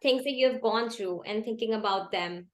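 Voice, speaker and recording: Higher-voiced woman moderator, roomy echo. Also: normal speed. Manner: brief affirmations, long searching questions. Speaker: panel moderator. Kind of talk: interview questions.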